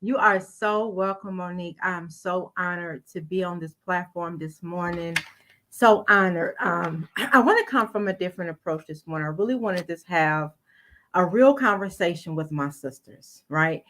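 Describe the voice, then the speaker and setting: A woman's voice: fairly low pitch, normal speed, fairly bright tone. An older woman speaking as a guest on a virtual summit, earnest and rhetorical, putting question after question straight to her listeners. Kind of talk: motivational talk.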